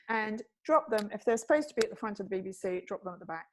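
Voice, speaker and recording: Racing along against a noisy background, a witty, animated woman spins stories in conversation. She's a guest, a TV producer and speaker, and she performs the quoted voices with dramatic pitch jumps.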